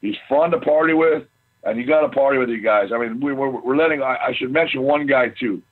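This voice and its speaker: A man's voice: medium pitch, brisk, slightly rough, phone-quality sound. A middle-aged man, a former pro football lineman, telling boisterous stories in casual chat and swearing freely. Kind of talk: casual storytelling.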